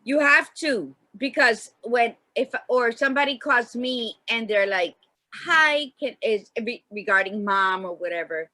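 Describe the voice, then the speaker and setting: A woman's voice: a little high, a little slow, sharp tone, dry recording. A woman co-hosting a casual chat show, a long-winded, emphatic storyteller. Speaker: podcast co-host.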